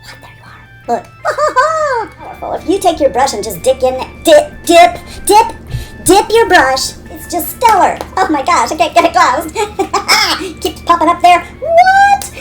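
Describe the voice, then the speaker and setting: A woman's voice: very high-pitched, sing-song, moderate pace, few pauses, fairly bright tone, soft background music. A woman beauty vlogger chattering playfully to herself and her products, giggling often. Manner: giggly, talks to herself and objects.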